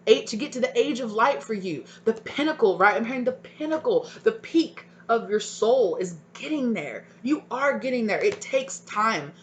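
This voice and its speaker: A woman's voice: a little high, animated, moderate pace, few pauses, slight background noise. A woman giving a tarot reading to her viewers, encouraging and emotional, tagging her sentences with "right?" and "okay?". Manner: spiritual, emotional, sometimes near tears. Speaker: tarot reader.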